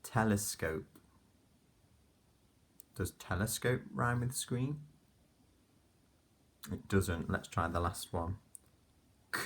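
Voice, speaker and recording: A man teaching a phonics lesson to young children, slowly sounding out letters one by one and praising the class patiently. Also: low voice, slight background noise. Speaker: primary school teacher.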